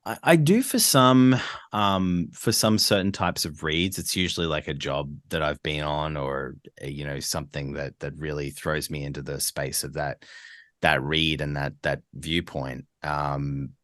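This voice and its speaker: Very deep-voiced man talking casually. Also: measured pace, no echo, studio quality. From Australia. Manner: relaxed, laughs easily, restarts words while thinking. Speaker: guest voice actor. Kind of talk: casual podcast interview.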